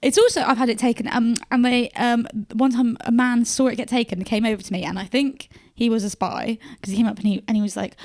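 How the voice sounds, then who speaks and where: A woman's voice: fairly high pitch, steady tone, fast, hardly any pauses, a little mellow. A woman hosting a casual comedy chat, telling stories in a giggly, self-deprecating way. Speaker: podcast host.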